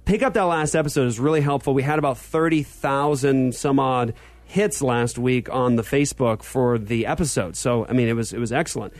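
A man's voice: medium pitch, a little fast, dry recording. A man in his thirties hosting a casual podcast, telling stories with lots of fillers and energy. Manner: animated storyteller, many fillers. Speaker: podcast host. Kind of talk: casual chat.

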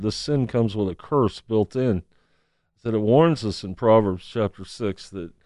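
A man's voice: medium pitch, a little mellow, clean tone, no echo, studio quality. A man telling a personal story as a testimony, acting out the people he quotes. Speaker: street counselor.

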